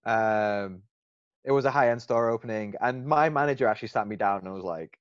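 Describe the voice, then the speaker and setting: A man's voice: low-pitched, racing, no room sound. A man with an English accent telling stories in casual podcast chat, restarting sentences as he goes. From England. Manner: animated storyteller, rambling restarts. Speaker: podcast co-host. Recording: dull dry lo-fi sound.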